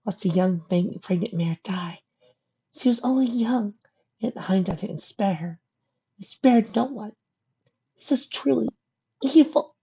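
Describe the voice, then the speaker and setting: A woman's voice: high-pitched, lively intonation, brisk, darkish tone, slightly rough, muffled recording, voice pushed up. A woman voicing a frightened, earnest young filly pony in a storybook reading. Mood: distressed.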